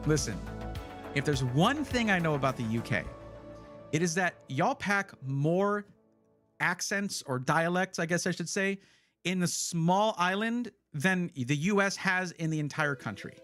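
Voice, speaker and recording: A man's voice: on the high side, fairly bright tone. A man hosting a casual livestream, chatty and rambling, often correcting himself as he talks. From United States. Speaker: livestream host.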